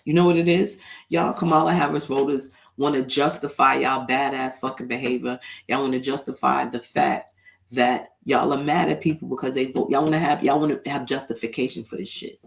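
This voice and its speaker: A man's voice: mid-range voice, flat delivery, brisk, vocal fry. A man hosting a solo commentary show, talking bluntly and heatedly and swearing freely. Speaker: podcast host.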